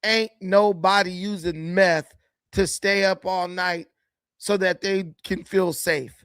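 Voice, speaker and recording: High-pitched man ranting on his show. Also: fairly even intonation, takes it slowly, a bit bright, clean tone, no room sound. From United States. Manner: mocking, laughing, repeats words, slangy. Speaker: political commentary host. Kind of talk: casual political commentary.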